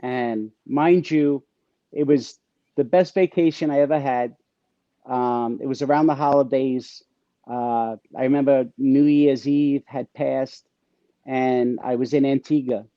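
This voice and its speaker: A man with a gravelly, creaky voice sits as an interview guest and tells stories in a casual, streetwise way. He stumbles and restarts mid-sentence. The recording is dull and lo-fi, with a dry, close sound. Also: medium pitch, dry recording. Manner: streetwise slang, stammering restarts. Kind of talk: casual storytelling.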